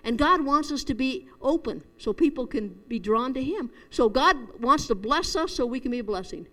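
A middle-aged woman delivers a down-to-earth sermon in an earnest, storytelling way. Her voice sits a little high. The room gives it a long, echoey hall reverb. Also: expressive, normal speed, a bit bright. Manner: earnest, storytelling, chuckles at herself. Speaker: preacher. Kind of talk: conversational sermon.

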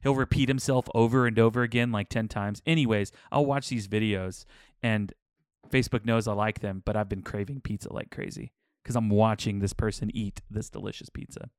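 A man's voice: fairly low pitch, a little fast, dry recording, clean studio sound. A man co-hosting a podcast, rambling through stories in casual chat. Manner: rambling, animated storyteller. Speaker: podcast co-host.

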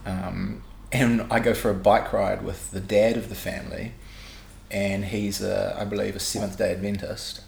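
A young man with a New Zealand accent, chatting casually on a podcast and telling animated, profanity-laced stories. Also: fairly low pitch, moderate pace, gravelly. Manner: animated storyteller, swears freely. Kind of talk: casual chat. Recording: echoey room, faint background hum.

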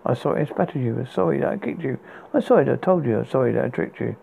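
A man's voice: mid-range voice, expressive, very fast, gravelly. A man hosting a podcast, reading poems aloud and often stumbling and restarting words. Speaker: podcast host. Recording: tinny phone-like sound with faint hiss.

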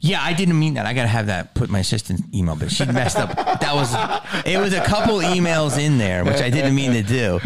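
A man hosting a podcast in casual chat, an animated storyteller who swears freely and sometimes drops to a low mutter. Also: brisk, few pauses, noisy background. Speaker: podcast host.

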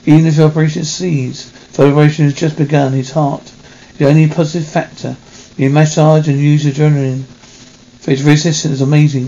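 Flat, gravelly man reading a script. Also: fairly high pitch, muffled recording. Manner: halting reading with self-corrections. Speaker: reader. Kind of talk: reading a film script aloud.

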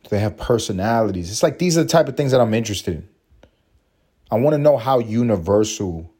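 A man's voice: on the low side, warm tone. A young man hosting a casual solo podcast, rambling and swearing freely, laughing often. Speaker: podcast host.

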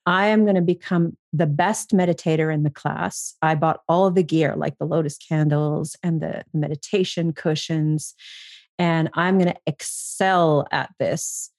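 A low-voiced woman speaks unhurriedly in a clean studio with no room sound. As a podcast guest, she tells her story frankly in an interview, swearing freely and growing animated as she acts out her own past thoughts.

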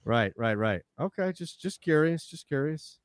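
Wry, curious man, slightly high voice. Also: lively intonation, normal speed, no echo. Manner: curious, asks questions, wry. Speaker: co-host. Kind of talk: casual podcast chat.

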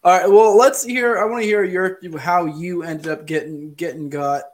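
Male host, slightly higher voice, easygoing casual chat. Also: normal speed. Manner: relaxed, brings the talk to a close. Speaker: podcast host.

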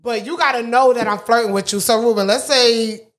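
A woman's voice: a little high, fairly quick. A young woman, co-hosting a podcast in casual, brash, swaggering chat. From New York. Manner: brash, swaggering, trash-talking with laughs. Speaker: podcast co-host.

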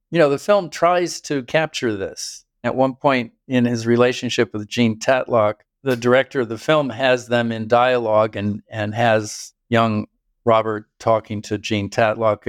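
In a clean, lowish voice, an older man who is a biographer guest tells stories thoughtfully and in detail as he answers interview questions. He chuckles occasionally. The sound is studio quality, without room sound.

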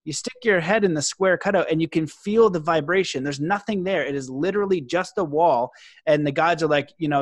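A fairly high-voiced man rambles with enthusiasm as he hosts a casual interview, stacking fillers and restarts as he goes. The sound is dry and close, with no room around it. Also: a little fast, dry recording. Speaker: podcast host.

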